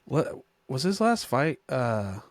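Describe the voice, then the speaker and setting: Man, podcast host, mid-pitched, dry close sound, loose rambling chat with excited spikes. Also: takes it slowly, dry recording. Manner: rambling, self-correcting, filler-heavy; excitable bursts of enthusiasm. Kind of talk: casual solo sports chat.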